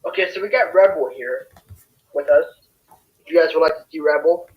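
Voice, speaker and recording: A young man with a fairly high voice, talking in a boastful, joking way like a wrestler cutting a promo. The sound is dull and lo-fi, like cheap stream audio. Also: fairly quick. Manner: boastful, playful wrestling-style bragging. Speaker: co-host. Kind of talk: casual podcast chat.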